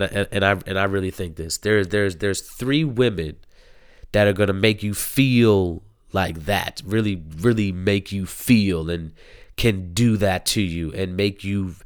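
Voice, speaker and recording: A man's voice: on the low side, smooth, dry recording, studio quality. A man in his thirties chatting casually about a show, rambling with lots of fillers and restarts. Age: 30s. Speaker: show reviewer. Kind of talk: casual chat.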